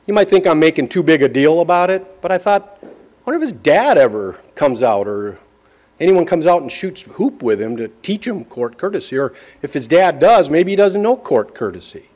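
Man, middle-aged, preacher, folksy storytelling sermon, slightly high voice, slow emphatic delivery. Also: expressive, darkish tone.

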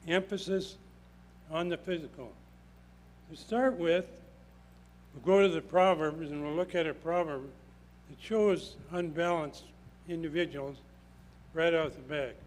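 A man's voice: on the high side, a little slow, pauses often, slight background noise, poor audio. Emphatic older man preaching. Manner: emphatic, repeats phrases for stress. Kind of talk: sermon.

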